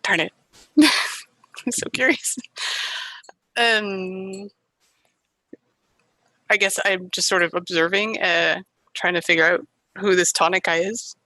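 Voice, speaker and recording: Woman, tabletop game player, bright sharp tone, dry close sound, chatty and curious. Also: medium pitch, fairly even intonation, takes it slowly, long pauses, no echo.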